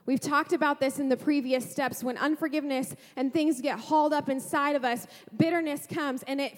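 A woman pastor preaching a sermon to a congregation, lively, asking rhetorical questions and making playful asides. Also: sits high, long reverb tail.

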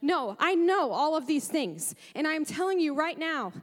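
High-voiced woman preaching with fervent emotion. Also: very animated, measured pace, in a large hall. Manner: fervent and emotional, with sighs and repeated praise. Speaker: pastor. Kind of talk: sermon. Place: church sanctuary.

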